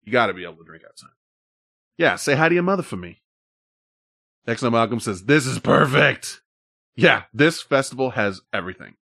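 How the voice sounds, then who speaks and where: A man's voice: medium pitch, expressive, a little fast, long pauses, bright, forceful tone, no room sound, studio quality. A man hosting a casual live stream, talking in a loose, rambling, profane way. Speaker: host.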